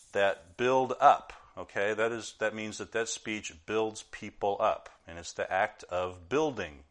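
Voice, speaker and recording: A middle-aged man giving a conversational sermon as a pastor, talking informally with many restarts and fillers and swelling louder on key words. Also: deep voice.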